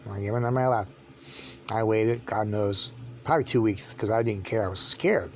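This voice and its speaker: A man's voice: on the low side, a little mellow, a little hiss or hum. Man rambling through a personal story. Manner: halting, repetitive, many restarts and fillers.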